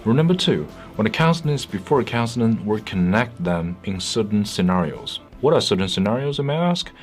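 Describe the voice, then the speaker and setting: A man narrating a scripted pronunciation lesson in a clear, patient, explanatory way. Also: fairly low pitch, big pitch swings, brisk, faint music behind. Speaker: English pronunciation teacher.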